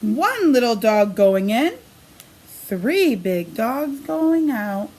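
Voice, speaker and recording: A woman preschool teacher reading a picture book aloud to young children in a sing-song storybook manner, pausing to ask the kids questions. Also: on the high side, sing-song, darkish tone, breathy edge.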